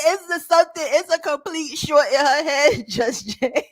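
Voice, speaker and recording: Expressive woman giving mocking commentary. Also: high-pitched, unhurried. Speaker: commentator reacting to a clip. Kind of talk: casual reaction commentary.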